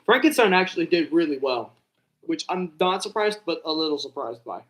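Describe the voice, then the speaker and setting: A man's voice: a little high, sing-song, fairly quick, a bit bright. Chatty young guy rambling at home. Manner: rambling, self-talking, says bro and dude. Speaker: vlogger reacting to an awards show. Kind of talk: casual live reaction chat.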